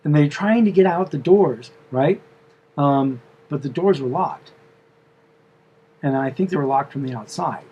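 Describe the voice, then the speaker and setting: A man's voice: on the high side, a little slow, long pauses, husky, dull audio. A man telling the story of a dream in a casual, meandering way, full of fillers and asides.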